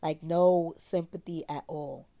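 Slangy, candid woman with a lowish voice. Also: unhurried. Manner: animated, slangy, acts out quoted voices. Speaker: therapist. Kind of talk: candid personal storytelling.

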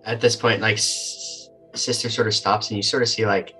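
A woman's voice: a bass voice, steady tone, moderate pace, fairly bright tone, soft background music. A woman narrating as game master in a loose, filler-heavy way.

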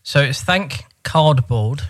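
A man's voice: mid-range voice, animated, slow, a bit bright, dry recording, clean studio sound. A man co-hosting a comedic podcast, curious and bemused as he asks about words. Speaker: podcast co-host. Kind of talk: playful comedic chat.

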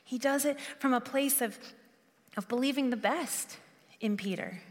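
A woman's voice: high-pitched, unhurried, big-room sound. A woman preaching a sermon in an earnest, conversational way, restarting her phrases often.

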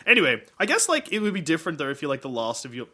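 A man's voice: a little high, very animated, rapid-fire, bright, forceful tone. A man co-hosting a casual podcast chat, laughing easily, swearing and steering the talk back on track. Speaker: podcast co-host.

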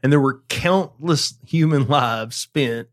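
A man's voice: medium pitch, takes it slowly. A man co-hosting a podcast in casual chat, making wry asides and laughing often. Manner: wry, giggly, reads listener questions. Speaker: podcast co-host.

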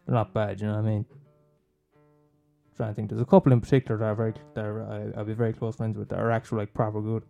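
A man's voice: on the low side, level tone, fast, gravelly, mellow, highs cut off, soft background music. An Irish man hosting a podcast, rambling in a casual monologue, swearing, laughing and teasing his listeners. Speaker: podcast host recommending films.

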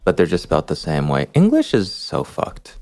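Low lively man chatting on a podcast. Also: no room sound, soft background music. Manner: chatty, laughs often, quick asides. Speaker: podcast co-host. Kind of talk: casual chat.

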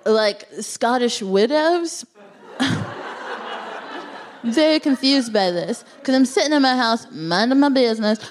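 A woman's voice: medium pitch, slight background noise. A woman co-hosting a live show, doing a rambling, playful stand-up set and slipping into silly voices. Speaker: co-host, stand-up comedian. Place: live venue stage.

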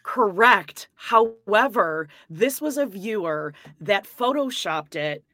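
A woman co-hosting a podcast, chatting casually and gossiping about TV in an animated way. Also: medium pitch, no room sound, studio quality. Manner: animated, gossipy, quick reactions. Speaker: podcast co-host. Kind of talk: casual chat.

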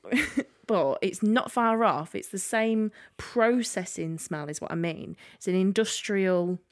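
A woman co-hosting a podcast in relaxed, casual conversation. Her voice sits at an ordinary mid pitch, and she giggles often as she rambles through her stories. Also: a little slow. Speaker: podcast co-host. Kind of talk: casual chat.

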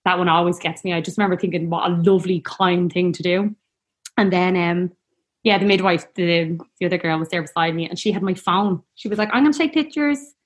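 A woman's voice: on the low side, level tone, a little fast. A woman telling a personal story in a casual, rambling, heartfelt way. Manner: chatty, rambling, heartfelt, peppered with "like".

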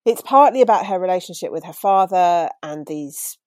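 A woman talking about books in a relaxed chat, thoughtful and self-deprecating, laughing easily. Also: lowish voice, moderate pace, no room sound. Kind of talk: casual book chat.

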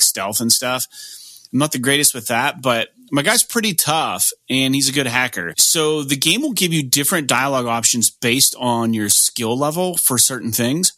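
A man's voice: medium pitch, expressive, moderate pace, bright, forceful tone, no room sound. A man hosting a podcast in casual chat, rambling and cursing freely with lots of fillers. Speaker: podcast host.

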